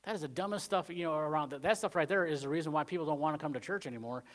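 This male pastor delivers a Wednesday church sermon with a slightly high voice and rapid-fire pace. His style wanders and stays chatty, packed with "you know," as he alternates forceful points with softer asides.

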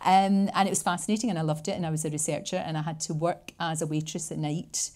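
Woman in her 60s, glasgow accent, talks fast and animated, kinda low voice. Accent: Glasgow Scottish. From Scotland. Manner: chatty, animated storytelling. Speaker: interview guest. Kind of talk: casual conversation on stage.

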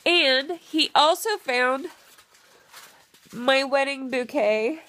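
A woman's voice: sits high, very slow, a bit bright. A young woman talking casually to her viewers in a personal vlog, sentimental and close to tears, with some mild swearing. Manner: emotional, tearful and sentimental. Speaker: vlogger.

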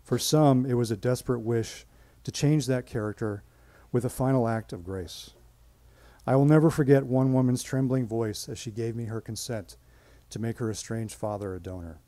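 A man performs a personal story live on stage, pacing it with measured, dramatic pauses. His voice is mellow and warm, and the sound is dry and close to the mic. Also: medium pitch, no room sound.

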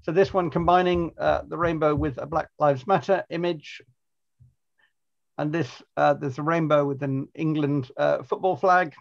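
A man's voice: fairly high pitch, steady tone, moderate pace, vocal fry. Brief: polite male moderator, hesitant with fillers, slightly dull video-call sound. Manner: hesitant, polite, full of ums. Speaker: event chair. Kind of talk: moderating an online book talk.

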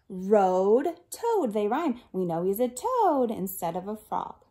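A woman reading a picture book aloud to children, expressive and animated, asking the listeners questions and sometimes dropping to a whisper. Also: medium pitch, takes it slowly, few pauses.

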